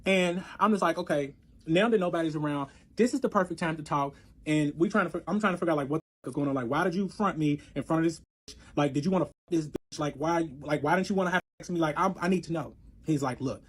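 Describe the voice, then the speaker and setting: A man telling a story in casual chat, animated and profane, acting out both sides of the arguments. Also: on the high side, fast talker, husky.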